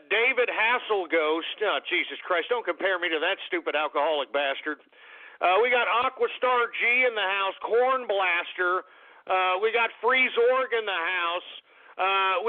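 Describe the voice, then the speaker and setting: A man from Texas hosting a radio show, ranting aggressively at listeners and calling them boy. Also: high voice. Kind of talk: comedic ranting call-in radio. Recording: tinny phone-like internet radio audio.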